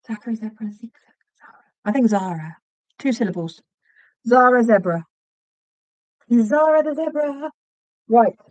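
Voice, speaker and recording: A woman hosting a casual livestream while she crochets. She chats, gets sidetracked, and counts her stitches out loud. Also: medium pitch, no echo. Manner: chatty and easily sidetracked, counts stitches aloud. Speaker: livestream host.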